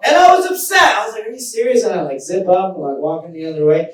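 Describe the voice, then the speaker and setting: Thirties male stand-up, high lively delivery, self-deprecating, live room sound from afar. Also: quick pace. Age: 30s. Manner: self-deprecating, animated, builds to shouted punchlines. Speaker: stand-up comedian. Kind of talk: stand-up comedy set. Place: small live venue with audience. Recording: echoey room, distant mic, audience noise.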